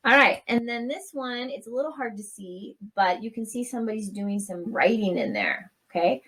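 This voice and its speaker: A woman's voice: on the high side, expressive, normal speed, hardly any pauses, a bit bright, husky. A woman teacher leading a writing lesson for young children, encouraging and checking in often.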